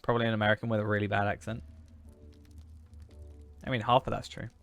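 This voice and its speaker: A man's voice: on the low side, level tone, fast talker, a bit bright. A man, streaming a game and chatting casually with viewers while he plays, cracking jokes. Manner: joking, chatty, talks to chat while playing. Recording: faint background music.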